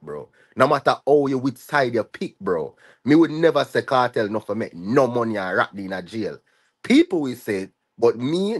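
A man speaks with a Jamaican patois accent in a somewhat low voice. He rants in a heated vlog style, circling back to the same point again and again. He keeps tagging his sentences with "bro", "dog" and "you see me". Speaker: vlogger. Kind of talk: ranting vlog commentary.

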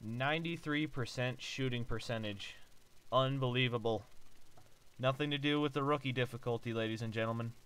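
A man giving casual commentary on a basketball video game he is playing, joking, swearing and breaking into loud outbursts. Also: medium pitch, moderate pace, clean tone, rough recording. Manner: excitable, joking and profane, with sudden loud outbursts. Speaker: let's play gamer.

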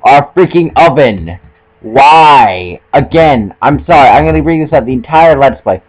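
Slow-talking young man joking through gameplay. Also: mid-range voice, expressive, low-quality recording. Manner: joking, self-mocking, trips over words. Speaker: let's play gamer. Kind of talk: casual gameplay commentary.

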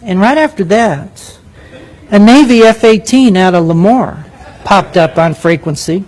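Animated older male storyteller, high voice. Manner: animated, vivid storyteller with quick asides. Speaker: former military pilot and speaker. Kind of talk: live storytelling talk to an audience.

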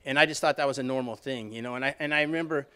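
A man's voice: mid-range voice, rapid-fire, sharp tone, clean tone. A middle-aged man giving a rambling, self-deprecating recovery talk, peppered with "you know what I mean.". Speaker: alumni reunion speaker.

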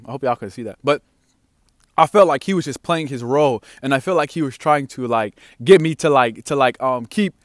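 A man's voice: fairly high pitch, no echo, studio quality. Young man telling a slangy story. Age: young adult. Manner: animated, slangy storytelling with many fillers and swings in loudness. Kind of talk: casual storytime.

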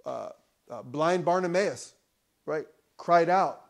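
A male pastor preaching a sermon in church, conversational with loud emphatic peaks and joking asides. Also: fairly high pitch, unhurried, creaky.

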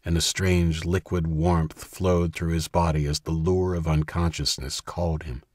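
Steady and measured, a deep, husky male voice delivers scripted narration of a tense thriller audiobook. There's no echo at all; the recording is close, dry, and lacks any room sound.

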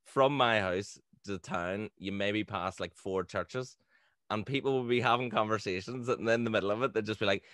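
Relaxed podcast host, dry close sound. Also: male voice, fairly low pitch, normal speed, dry recording. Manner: relaxed, conversational, easy laughter. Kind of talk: casual podcast chat.

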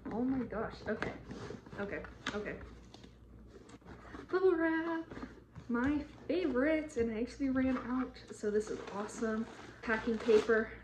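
A woman talking casually to her viewers during an unboxing, bubbling over with excitement and gasping at every new find. Her voice sits at an ordinary middle pitch. A clear hiss of noise runs under the home recording. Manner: gushing, excitable, many gasps and "oh my gosh". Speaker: model horse customizer. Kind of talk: casual unboxing chat to camera.

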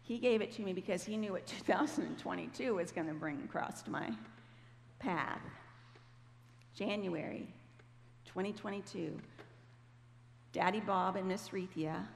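Speaking at church, a woman gives a personal testimony in a conversational storytelling style, acting out the voices she quotes. Her voice is lowish with vocal fry, heard in an echoey hall with faint noise.

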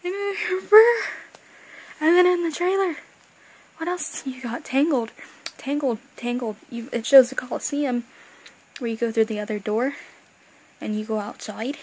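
A young woman chatting excitedly as a fan vlogger, rambling and gushing, with bursts of excitement and quiet asides. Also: high voice, moderate pace, pauses often, poor audio. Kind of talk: excited casual fan chat.

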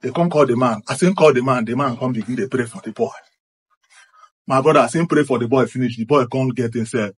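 A man with a Nigerian accent, excitedly recounting a personal experience and acting out what happened. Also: mid-range voice, brisk, husky. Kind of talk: animated first-person storytelling.

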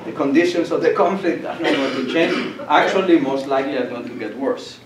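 A man's voice: on the high side, a little fast. An older man gives a lecture, telling vivid stories and slipping into voices for the people in them. He sits well back from the microphone in a reverberant hall. There is a faint background hiss. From Colombia. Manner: animated storyteller, acts out voices and laughs. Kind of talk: public lecture with storytelling. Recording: echoey room, distant mic, faint noise.

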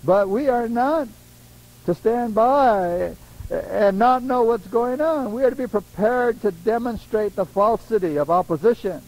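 A man preaching a sermon in a lively way, laughing often and acting out the voices of people he quotes. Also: extremely high pitch, unhurried, rough recording.

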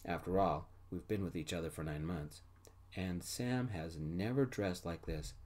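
A man gently narrating a first-person story in a soft-spoken ASMR style. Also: sits low, a little slow.

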